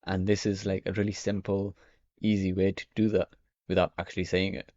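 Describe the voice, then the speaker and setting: A man's voice: low voice, little pitch movement, fairly quick, darkish tone, no room sound. A young man talking casually to the camera as a vlogger, rambling and filling his speech with "you know" and "okay". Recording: dry, dull lo-fi audio.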